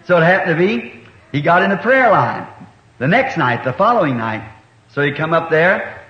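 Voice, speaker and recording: A man's voice: on the high side, big pitch swings, moderate pace, slight background noise. A middle-aged man preaching in a folksy, colloquial way, spinning homespun stories with rural grammar in a church meeting hall. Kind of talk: folksy sermon storytelling. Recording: echoey, dull 1960s meeting recording.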